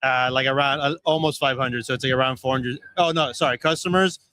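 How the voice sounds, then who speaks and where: Male founder pitching casually, flat delivery, bright tone. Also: fairly quick. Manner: casual, frequent "yeah" and "like". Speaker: startup founder.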